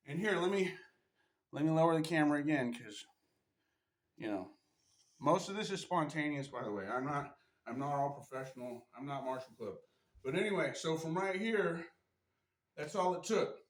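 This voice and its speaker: This man, a martial arts instructor, chats to a camera while showing stretches, a bit strained from the exertion and frequently adding "right?" to his sentences. He speaks at a normal speed in a fairly high, expressive, fairly bright voice. The sound comes from a camera mic in an echoey room.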